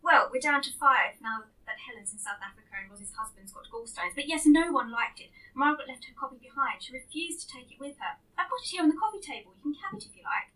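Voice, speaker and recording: A woman voicing a chatty, wistful middle-aged mother who talks in a gently rambling, matter-of-fact way. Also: high-pitched, expressive, fast talker, few pauses, distant mic, poor audio.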